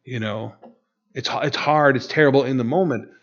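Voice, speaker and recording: A man's voice: mid-range voice, moderate pace, dull audio. A man preaching a sermon in a conversational way, often saying "you know" and restarting his sentences. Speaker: pastor.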